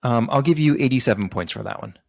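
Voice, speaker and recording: A man's voice: mid-range voice, fast talker, vocal fry, dry recording. A man co-hosting a podcast, chatting casually and explaining with hesitant fillers. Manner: hesitant, many fillers and restarts while explaining. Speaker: podcast co-host. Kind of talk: casual chat.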